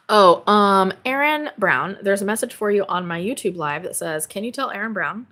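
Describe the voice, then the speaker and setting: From a home office, a woman with a mid-range, fairly bright voice hosts a spirituality livestream, chatting casually and reading out viewer comments. She's bubbly and exclamatory, laughing often and swearing casually.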